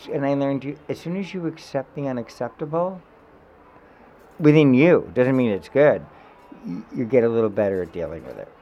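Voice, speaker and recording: A man telling an emotional personal story in a podcast chat, animated and swearing freely. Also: medium pitch, moderate pace. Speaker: guest. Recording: dull, slightly noisy podcast audio.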